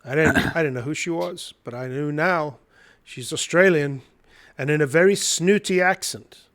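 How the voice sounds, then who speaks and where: A middle-aged man telling a story as a podcast guest, animated and acting out the dialogue. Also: fairly high pitch, normal speed. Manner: animated, acts out dialogue in his retelling. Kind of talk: storytelling interview.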